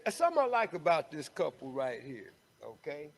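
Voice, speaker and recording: A man with a fairly high voice tells a casual story with emphasis, punctuating his points with "okay?". His delivery is direct and insistent. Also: huge pitch swings, fairly quick, husky.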